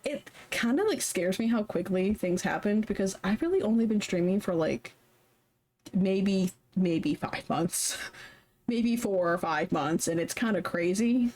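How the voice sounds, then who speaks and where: A woman's voice: mid-range voice, unhurried, a little mellow. A young woman chatting casually on a live stream while she draws, rambling and self-deprecating. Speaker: streamer drawing fan art.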